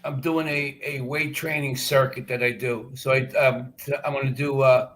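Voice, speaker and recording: A man's voice: mid-range voice, flat delivery, normal speed, fairly bright tone. A man joining a live stream as a call-in guest, describing things in a hesitant way with lots of fillers. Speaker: guest calling in.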